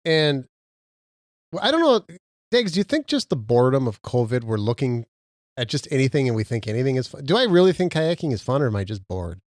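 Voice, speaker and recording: A man's voice: mid-range voice, big pitch swings, fairly quick, a little mellow, dry recording, clean studio sound. A man from Minnesota co-hosting a casual podcast, rambling and boasting as he tells stories. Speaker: podcast co-host.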